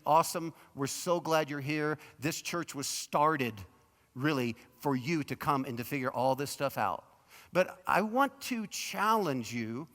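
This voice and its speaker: A male guest pastor preaches in a large church auditorium, his fairly high voice carried by a long hall reverb. He talks in a conversational storytelling way, pressing hard on some points and dropping almost to a hush on others. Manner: conversational storytelling preacher, swings between emphatic and hushed. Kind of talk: sermon.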